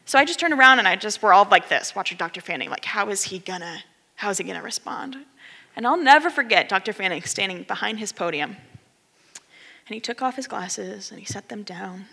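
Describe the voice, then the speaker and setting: A woman's voice: mid-range voice, fairly quick, creaky, husky. A woman in her thirties telling a story in a conversational sermon, acting out the people in it. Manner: animated, conversational, acts out quoted voices. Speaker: speaker giving a talk. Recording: long hall reverb.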